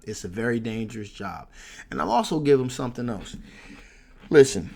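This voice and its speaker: A man hosting his channel, telling a personal story in a casual, animated way, swearing freely. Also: mid-range voice, brisk, gravelly. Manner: animated, profane, laughs through the story. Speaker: tarot reader and channel host.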